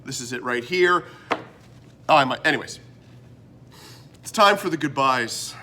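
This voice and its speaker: Bright-voiced Canadian man ranting. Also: mid-range voice, measured pace, slight background noise. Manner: ranting, animated, exasperated asides. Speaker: host. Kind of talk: comedic vlog monologue.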